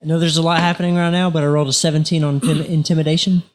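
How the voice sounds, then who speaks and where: Man, tabletop game player, high voice, halting, stumbles over words. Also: level tone. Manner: halting, laughs through speeches. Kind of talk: casual tabletop game play.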